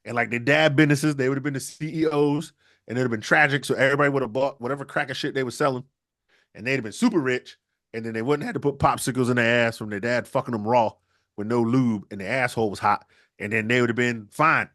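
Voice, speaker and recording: A man co-hosting a podcast, riffing crudely through loud, animated comedic storytelling. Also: medium pitch, fast. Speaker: podcast co-host.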